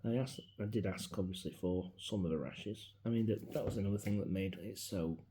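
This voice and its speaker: A man, talking casually and reflectively into his phone in a personal vlog, his voice often dropping to a soft mutter. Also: sits low, brisk, a little hiss or hum. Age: 40s. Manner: rambling, reflective, grieving, drops into soft mutters. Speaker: vlogger. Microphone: mobile phone.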